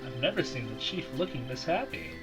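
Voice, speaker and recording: A man's voice: on the high side, animated, a little fast, music in the background, close to an everyday voice, rough recording. A man voicing a young, earnest rookie male defense lawyer with a dramatic delivery.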